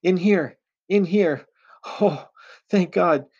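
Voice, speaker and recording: A man's voice: high voice, takes it slowly, darkish tone, voice pushed up, exaggerated voice. A man voicing a frightened young woman held captive, her speech muffled and stammering. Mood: frantic.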